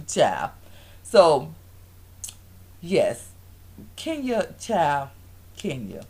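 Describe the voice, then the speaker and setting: A woman chats through a recap, her voice leaping up and down as she plays everyone's lines. She sits a little low in pitch and laughs between stories. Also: moderate pace. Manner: animated storytelling, acting out quotes in different voices, frequent laughs. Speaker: vlogger reviewing a reality show. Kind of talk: casual recap vlog.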